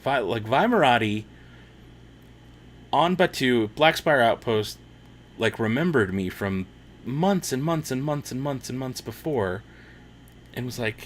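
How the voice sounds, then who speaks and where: A man's voice: medium pitch, expressive, unhurried, pauses often, slight background noise. A man hosting a casual watch-party livestream, reading chat comments aloud and laughing often.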